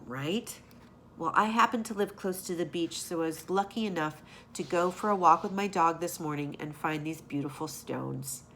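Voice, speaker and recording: A woman teacher telling a story and explaining a craft to young children in an animated way. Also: low-pitched, slight background noise. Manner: warm, animated, drawn-out delivery for kids.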